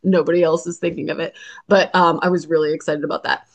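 A woman's voice: low-pitched, little pitch movement, quick pace. A woman hosts a podcast in a loose, chatty way, filling her talk with ums and easy laughter. She has a sore throat and is talking around a cough drop. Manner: chatty, laughs often, many fillers. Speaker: podcast co-host. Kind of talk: casual podcast chat.

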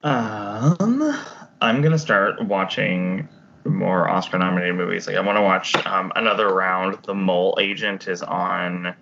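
A man's voice: deep voice, fairly even intonation, moderate pace, gravelly, bright, forceful tone, highs cut off, a little hiss or hum. A man on a podcast in casual chat, hesitant and hedging with many fillers.

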